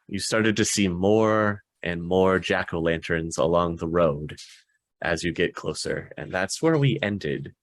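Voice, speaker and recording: Slow, low-voiced male game master. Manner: relaxed, unhurried narration with fillers. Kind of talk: narrating a tabletop game.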